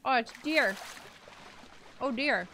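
A woman's voice: high-pitched, animated, takes it slowly, pushed and bright. Chatty woman streamer, clicks behind. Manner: chatty, talks to herself and chat while playing. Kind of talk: casual live-stream game commentary. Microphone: desk microphone. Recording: clicky background noise.

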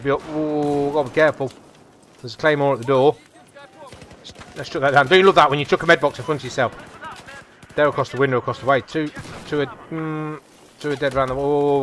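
A man giving chatty, excitable live commentary over a shooter game as a gaming channel host. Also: on the high side, slight background noise. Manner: chatty, excitable, repeats come on and whoa. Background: faint game gunfire.

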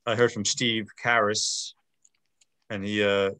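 A man's voice: on the low side, level tone, slow pace, bright, forceful tone, no room sound. A man moderating a casual video-call chat, hesitant and full of fillers and restarts. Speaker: meeting moderator.

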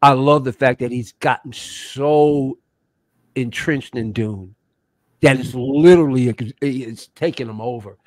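A man's voice: medium pitch, unhurried, no echo, studio quality. A man co-hosting a casual livestream chat, telling stories with enthusiasm. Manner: animated, enthusiastic storyteller.

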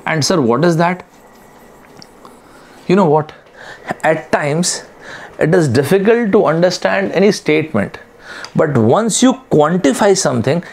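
A male teacher lectures online for an exam prep class. His voice sits a little high and swings widely in pitch. He keeps repeating key terms and puts on his students' questions, then answers them himself. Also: darkish tone.

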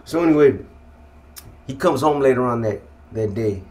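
A middle-aged man from California tells his story in an easygoing, street-slang way, leaning on "man" and "you know what I mean." His voice sits at an ordinary male pitch and often sinks into low, hushed asides. The talk is loose and conversational, full of restarts. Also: animated, normal speed. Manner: quiet, subdued delivery with hushed asides. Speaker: guest telling his life story. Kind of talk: casual storytelling.

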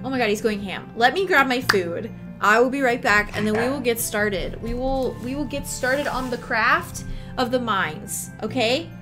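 A woman's voice: a little high, moderate pace. A woman livestreaming from home in a casual, giggly chat, greeting viewers by name. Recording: background music under voice.

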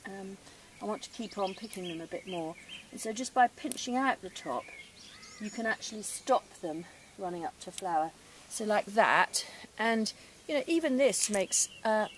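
Chatty English woman, gardening outdoors. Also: mid-range voice. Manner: chatty and enthusiastic, with fillers. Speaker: gardening presenter. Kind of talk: casual how-to demonstration. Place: outdoor vegetable garden, rural. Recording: distant mic outdoors with background noise.

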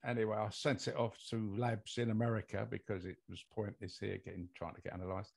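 The speaker is an older UK man working as a mold investigator, appearing as a podcast guest with a long, meandering personal story laced with fillers. His lowish voice is gravelly and a little mellow, brisk, with little pitch movement.

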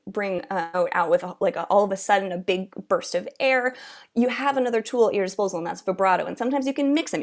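A woman teaching an oboe masterclass, chatty and encouraging, singing rhythms aloud as she explains. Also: medium pitch. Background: oboe playing.

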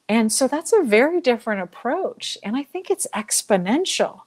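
A woman's voice: fairly high pitch, big pitch swings, normal speed, few pauses, a little mellow. A woman speaking as an interview guest, talking animatedly and acting out inner voices as she explains. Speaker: guest speaker on joy and emotions. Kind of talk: conversational interview.

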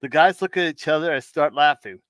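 A man's voice: fairly high pitch, fairly quick, a bit bright, no echo. A man hosting a live stream, telling corny jokes and riddles, often stumbling and restarting and laughing at his own punchlines. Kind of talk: casual joke telling.

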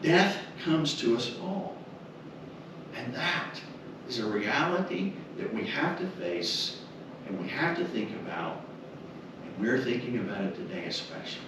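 A man preaching a funeral sermon, deliberate and emphatic, repeating key words and dropping to soft low tones. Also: very animated, recorded from a distance, background noise. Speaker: minister. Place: funeral home chapel. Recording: very echoey chapel, heard from afar.

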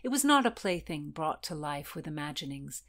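A woman host reading historical fiction aloud in an expressive storytelling manner. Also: sits low, normal speed. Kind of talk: scripted narration of historical fiction.

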